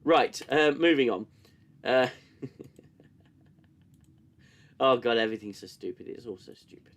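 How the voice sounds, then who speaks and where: This host speaks at a measured pace in a mid-range voice with lively intonation. Reviewing a TV show live, he reads chat, mocks scenes, swears and stays sarcastic, with coughing fits interrupting him.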